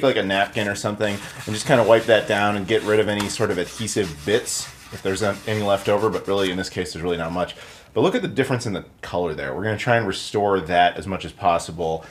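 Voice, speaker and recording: A man hosting a casual how-to video, talking in a chatty, informal way with lots of asides. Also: on the low side. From United States. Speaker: YouTube host.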